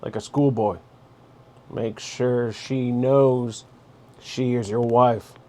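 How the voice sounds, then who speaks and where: A man's voice: mid-range voice, steady tone, takes it slowly, a little mellow. A man hosting a casual advice monologue, speaking bluntly and directly and telling listeners what to do. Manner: blunt, direct, giving orders. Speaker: host.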